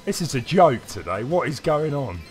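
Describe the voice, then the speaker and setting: Coughing occasionally because he feels unwell, this British streamer rambles on while playing a game, replying to chat members by name. His mid-range voice swings widely in pitch at a moderate pace, with faint game music behind him.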